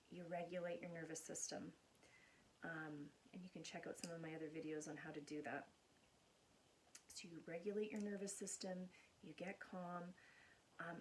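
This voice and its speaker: An earnest woman counselor speaks casually to camera, walking through everyday examples. Her voice sits a little low, with a faint hiss underneath. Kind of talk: casual explanatory talk to camera.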